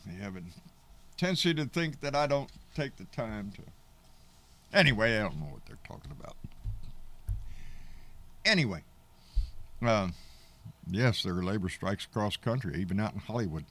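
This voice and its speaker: A man's voice: mid-range voice, a bit bright. A middle-aged man, hosting a casual livestream in a rambling, folksy, profane way and answering viewers' comments. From Texas. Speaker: livestream host.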